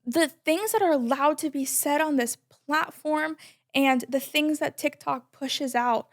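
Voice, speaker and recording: A woman in her twenties, a podcast guest talking in a loud, emphatic, chatty way with many "like"s. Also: sits high, measured pace. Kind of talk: casual conversation.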